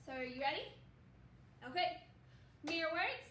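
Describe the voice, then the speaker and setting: A woman teaching second grade, speaking slowly and clearly with encouraging praise as she leads young children through a reading lesson. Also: high-pitched, bright, forceful tone, a little hiss or hum. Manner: slow, clearly enunciated, encouraging teacher talk. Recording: roomy, echoey room.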